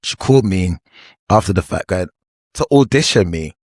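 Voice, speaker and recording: A young man, a former reality show cast member, telling a slang-heavy story in an animated, repetitive way. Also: sits low, moderate pace, no echo, clean studio sound. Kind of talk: storytime vlog.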